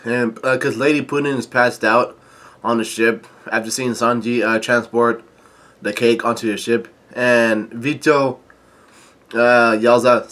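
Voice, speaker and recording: Male vlogger with a bright, forceful voice, casually recapping a comic chapter in a stop-start way and reading quotes fairly flat. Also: mid-range voice. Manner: halting, stop-start delivery with frequent filler sounds; reads quoted lines in a mostly flat voice. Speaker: manga chapter reviewer.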